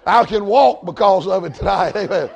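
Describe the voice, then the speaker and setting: A high-voiced preacher from Georgia with a broad Southern US accent works through a homespun sermon. He talks in a folksy, emphatic way and keeps climbing into shouted points. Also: normal speed, gravelly, lo-fi sound. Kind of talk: storytelling sermon.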